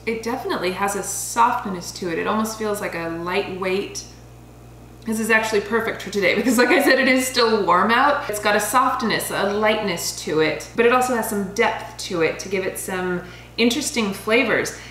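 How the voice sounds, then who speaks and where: A woman in her thirties talks through a wine tasting in a relaxed, chatty way, laughing often and fumbling over foreign names. Her voice sits at a middle pitch. The room is echoey, with a faint hum underneath. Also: moderate pace. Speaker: vlogger reviewing wine. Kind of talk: casual chatty review. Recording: roomy home recording with faint hum.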